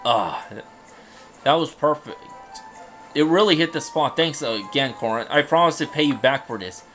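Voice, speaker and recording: A man doing a cheerful male fox spirit from a fantasy game, bouncy and childlike. He is easily distracted and a little naive, and he is given a slightly raised pitch over faint music. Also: lively intonation, moderate pace, a bit bright. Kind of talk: fan dub of game dialogue.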